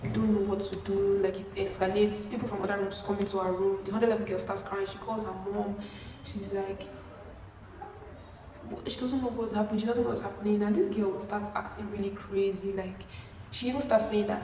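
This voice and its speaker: A young woman in her twenties with a Nigerian accent, telling a story in a chatty, animated way. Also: medium pitch, a little fast, distant mic, background noise. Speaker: vlogger. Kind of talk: casual storytime. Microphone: camera mic from a distance. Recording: echoey room, no microphone.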